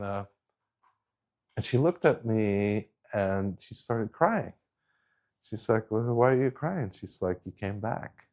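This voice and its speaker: Low-voiced man telling a rambling story. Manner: rambling, animated storyteller with frequent restarts. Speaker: guest speaker. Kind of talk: casual storytelling talk.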